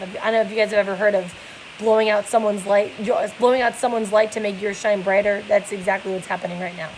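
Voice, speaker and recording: A woman's voice: mid-range voice, steady tone, quick pace, a little mellow, a little hiss or hum, rough recording. A young woman reading a novel aloud and explaining it casually, with many fillers.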